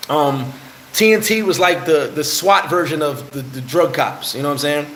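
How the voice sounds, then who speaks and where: Animated New man telling a story. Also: fairly high pitch, normal speed, echoey room, slight background noise, low-quality recording. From New York. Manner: animated, heated storyteller, acts out quotes. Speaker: vlogger answering live chat. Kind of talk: casual live-stream storytelling. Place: bar in the Dominican Republic.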